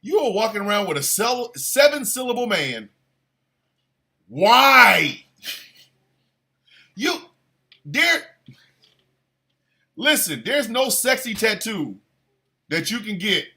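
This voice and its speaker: A man delivers a crude, playful comedic rant in a high, bright voice. He takes his time with the words, then breaks into exaggerated shouted bursts. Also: very animated, takes it slowly, pauses often. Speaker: show host.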